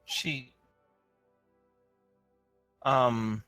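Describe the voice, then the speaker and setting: A man narrating a tabletop game as game master over an online call, chatty and quick to laugh. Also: medium pitch, steady tone, bright, forceful tone, smooth, no room sound, faint music behind, rough recording.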